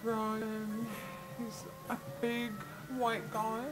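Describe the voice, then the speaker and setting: A woman's voice: a little high, monotone, extremely slow, music in the background, rough recording. A woman vlogger chatting casually to camera, rambling and talking fondly to her cat.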